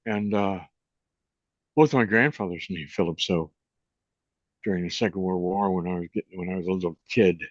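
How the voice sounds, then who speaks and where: A man in his eighties, co-hosting a reflective chat on consciousness and guiding a meditation, unhurried and gentle, often trailing off softly. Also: deep voice, no room sound. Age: 80s. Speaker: co-host, meditation and consciousness teacher. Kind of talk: reflective conversation and guided meditation. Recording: dull lo-fi sound.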